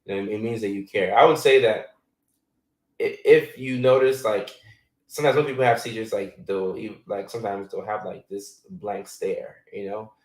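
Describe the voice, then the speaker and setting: Answering viewers in a loose, filler-heavy live chat, this man in his thirties, born in Ghana, speaks at normal speed in a voice on the low side. The rough recording sounds echoey, as if he's far from the mic.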